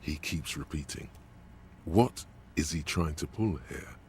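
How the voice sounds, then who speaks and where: Very deep, ominous inner voice. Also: male voice, unhurried, darkish tone, slight background noise. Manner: ominous, taunting narration. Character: brooding male inner voice of the mind. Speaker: video game narrator. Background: game music.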